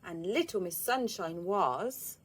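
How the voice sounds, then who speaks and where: A woman, reading a children's storybook aloud in an expressive, lively way. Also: fairly low pitch, takes it slowly, slight background noise.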